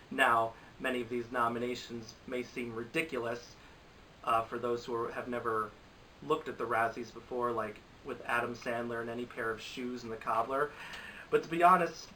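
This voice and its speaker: Bright-voiced exasperated young man reviewing movies. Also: mid-range voice, far from the mic, a little hiss or hum, poor audio. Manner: rambling, exasperated, restarts a lot. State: recovering from a cold. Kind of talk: casual commentary to camera.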